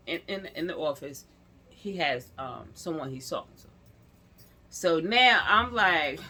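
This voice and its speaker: A woman vlogger tells a story straight to her viewers in a bright, forceful voice. Her pitch swings widely as she acts out each person she quotes. She keeps it casual and chatty throughout. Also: breathy edge.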